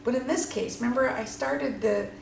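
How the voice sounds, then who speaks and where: Painting as she talks, a woman leads a watercolor demonstration with obvious enthusiasm and a chatty manner. Her voice sits a little high, moves at normal speed, and has vocal fry. Faint noise and echo fill the room.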